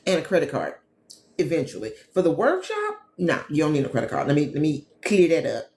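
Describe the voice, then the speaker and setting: A woman from the Midwest hosts a casual livestream, talking straight to her viewers and calling them "y'all". Her pitch swings widely as she chats. She is recorded in an echoey room with a faint hum of ambience behind her. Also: a little fast. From Gary, Indiana, USA. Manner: chatty, animated, talks straight to viewers as "y'all". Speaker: host, travel agent and business coach.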